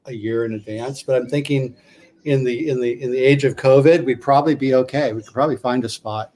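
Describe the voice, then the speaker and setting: A man chatting casually on a video call, relaxed and a little hesitant. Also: mid-range voice, fairly quick. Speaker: guest. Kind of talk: casual chat.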